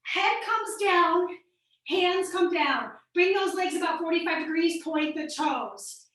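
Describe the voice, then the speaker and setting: Bright, high-pitched woman coaching a workout. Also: slow. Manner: upbeat, counts reps aloud and coaches form. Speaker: fitness instructor. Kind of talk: live online workout class cueing. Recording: echoey room, mic at a distance.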